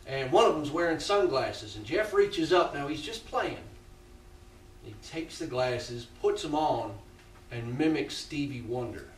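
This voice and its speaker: A man performing a theatrical monologue on a small theatre stage, telling a confessional story with halting restarts. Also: a little high, lively intonation, slight background noise. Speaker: stage actor playing a death row inmate. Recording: roomy theatre sound from a distant mic.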